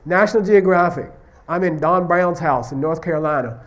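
In a relaxed lecture to a class, a man who teaches Buddhist philosophy talks in a fairly high voice and at a moderate speed. "Okay?" and "you see what I mean?" recur as he checks comprehension, and he narrates stories by performing dialogues of questions and replies.

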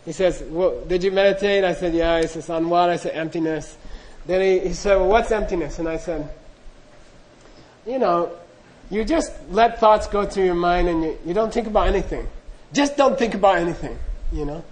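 A man's voice: sits high, normal speed, rough recording. A middle-aged man telling a humorous, self-deprecating story to an audience in a loose, anecdotal way, acting out the dialogue. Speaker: speaker recounting monastery training.

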